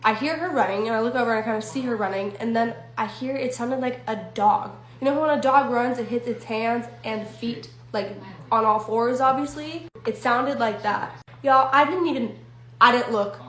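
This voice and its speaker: A young woman tells a creepy story from her own life in a casual storytime, talking into her phone. Her voice sits a little high and bounces around a roomy, echoey space. She swears freely and keeps turning to the viewers. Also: moderate pace. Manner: chatty, swearing, asides to viewers. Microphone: phone selfie video. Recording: echoey room.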